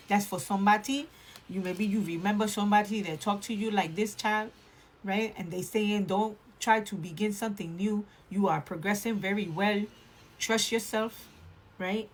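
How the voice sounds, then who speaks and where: A woman with a New York accent giving a casual tarot reading, meandering and restarting her sentences, often tagging them with "right?". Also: medium pitch. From Puerto Rican, from Brooklyn and Philadelphia. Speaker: tarot reader.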